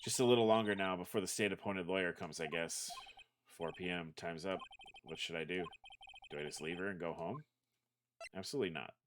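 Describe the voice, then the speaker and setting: A man's voice: low-pitched, a little fast, background noise. A man livestreaming a courtroom game, reading the hero's lines aloud and adding self-mocking asides. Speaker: streamer.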